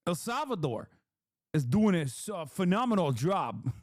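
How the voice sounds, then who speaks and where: Profane, high-voiced man commenting on clips. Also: big pitch swings, takes it slowly, a little mellow, dry recording, clean studio sound. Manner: profane, laughing asides. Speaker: streamer reacting to clips. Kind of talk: live commentary.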